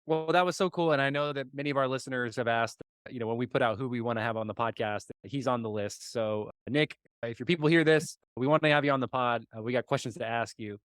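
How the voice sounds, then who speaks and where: A man's voice: mid-range voice, quick pace, hardly any pauses, a bit bright, smooth, no room sound, studio quality. A man from Dallas hosting a podcast, interviewing a guest in a friendly, enthusiastic way over a call. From Dallas, Texas. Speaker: podcast host. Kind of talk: casual interview. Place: remote call.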